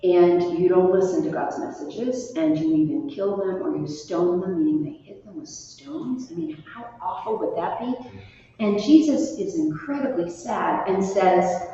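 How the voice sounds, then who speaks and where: A woman leading a children's chapel, explaining a scripture passage simply and gently to kids. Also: medium pitch, expressive, unhurried, slight background noise. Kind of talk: children's sermon chat. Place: church. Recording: roomy church hall, distant mic, dull sound.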